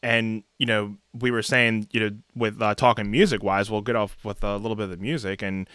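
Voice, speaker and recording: Male podcast host with a bright, resonant mid-range voice, easygoing and filler-heavy. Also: fairly low pitch, fairly even intonation, brisk, smooth, dry recording. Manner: rambling questions full of fillers. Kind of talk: casual interview chat.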